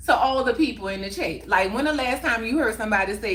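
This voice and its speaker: A woman speaks with a bright, clear tone, hosting a casual livestream chat. She talks in an emphatic, heartfelt way and repeats phrases to drive her point home. A faint hum of room noise sits underneath. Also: a little high, fast talker. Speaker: livestream host.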